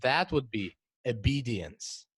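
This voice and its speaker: A teenage boy co-hosts a casual podcast chat, working through his explanations in halting bursts and repeating words as he goes. His voice sits at an ordinary pitch for a young man. The sound is close and dry, with no room around it. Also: expressive, a bit bright, breathy edge, no room sound. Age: teens. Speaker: podcast co-host.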